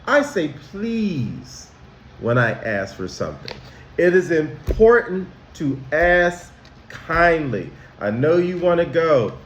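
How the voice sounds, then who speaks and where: A man, a school counselor, teaching children about manners in a slow, emphatic way, asking them questions directly. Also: a little high, very animated, roomy sound, a little hiss or hum.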